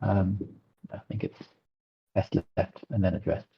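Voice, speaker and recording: Flat-voiced man on a muffled mic. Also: low voice, measured pace, vocal fry. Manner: agreeable, hedging. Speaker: community member. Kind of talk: casual chat on a voice call.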